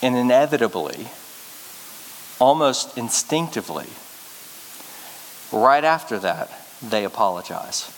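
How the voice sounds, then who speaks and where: A man's voice: mid-range voice, normal speed, pauses often. Man preaching in a reverberant hall. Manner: earnest storytelling preacher, lively when telling anecdotes. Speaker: pastor. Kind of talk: sermon. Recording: reverberant hall with faint hiss.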